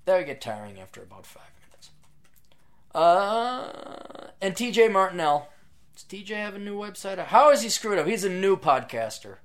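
A man hosting his own podcast in a casual, sarcastic, rambling monologue, reading out plugs and jumping between loud bursts and mutters. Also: sits high, very animated, normal speed. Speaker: podcast host.

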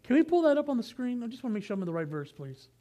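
A man's voice: very high-pitched, big pitch swings, rapid-fire, mellow. A man giving a sermon as pastor, reading scripture in a casual, conversational way with frequent asides and self-corrections.

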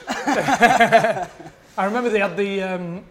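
A man's voice: high-pitched, slow, a bit bright. A man, rambling through a self-mocking anecdote on a podcast. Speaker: podcast producer. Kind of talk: casual storytelling.

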